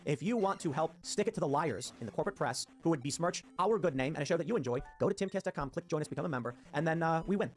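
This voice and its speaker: A man hosting a political talk show, talking quickly and emphatically and acting out quoted voices. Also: a little high, animated, faint music behind. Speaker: podcast host.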